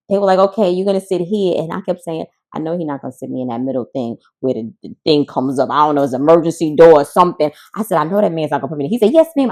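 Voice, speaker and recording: Gravelly, animated woman telling a story. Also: fairly low pitch. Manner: animated storyteller, acts out voices. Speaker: podcast co-host. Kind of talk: casual chat.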